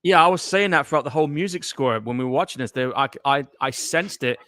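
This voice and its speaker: A man's voice: fairly high pitch, fast, pushed and bright, no room sound. A man co-hosting a casual horror movie watch-along podcast, laid-back and chatty, telling anecdotes. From United Kingdom. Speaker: podcast co-host.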